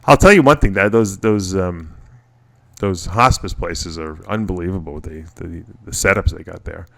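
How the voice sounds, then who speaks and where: A man's voice: deep voice, moderate pace, creaky. A middle-aged man hosting a casual radio show, telling personal stories in a rambling way with many restarts. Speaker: podcast host.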